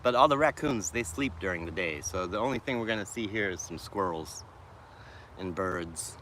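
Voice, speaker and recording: A low voice with a fairly bright tone, heard against slight background noise, belongs to a livestreaming vlogger from Boston. His accent is faint, and he sits in a shady wooded city park answering viewer comments, musing slowly with trailing restarts.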